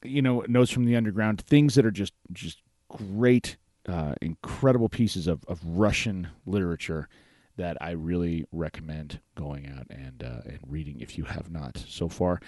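Deep-voiced relaxed male podcast host. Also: moderate pace, dry recording. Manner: relaxed, rambling, with many fillers and restarts. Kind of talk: casual talk-show chat.

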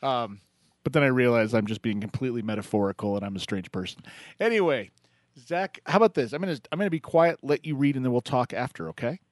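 A man's voice: mid-range voice, fast, no room sound, studio quality. A man hosting a call-in poetry show, chatting casually, joking and laughing often. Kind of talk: casual radio chat.

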